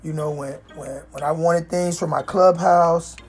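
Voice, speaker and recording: Low-voiced woman telling her story. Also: steady tone, a little slow, a little mellow. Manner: rambling, with frequent "you know" fillers and restarts. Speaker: speaker sharing life story. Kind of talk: reflective personal storytelling.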